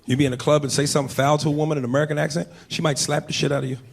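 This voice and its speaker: A man's voice: a little high, little pitch movement, rapid-fire, gravelly, husky. A male stand-up comedian with a crude, brash, conversational delivery on a comedy club stage. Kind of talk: stand-up routine. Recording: live club recording with crowd noise.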